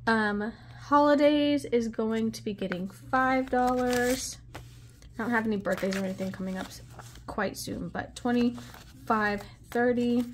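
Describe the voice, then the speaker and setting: A woman's voice: on the high side, a little slow, a little hiss or hum. A woman vlogging at her desk at home, chatting casually while counting cash aloud under her breath with little asides. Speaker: budgeting vlogger.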